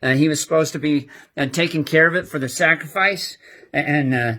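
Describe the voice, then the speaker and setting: A man playing an excitable young male disciple in a church skit, leaving a rambling, animated voicemail and chuckling as he talks. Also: a little high, normal speed. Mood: eager. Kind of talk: amateur church skit monologue.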